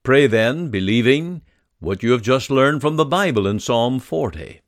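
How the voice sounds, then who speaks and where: A man delivers a devotional sermon, reading scripture and leading a prayer. His delivery is slow and measured, with lively, expressive pitch. He is recorded close to the mic in a dry room. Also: dry recording. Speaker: preacher.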